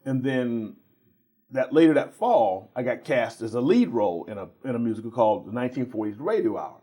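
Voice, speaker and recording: A middle-aged man, a theater professor and guest on a talk show, telling animated stories with repeated words and frequent laughs. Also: mid-range voice, a little fast, husky. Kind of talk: casual interview storytelling.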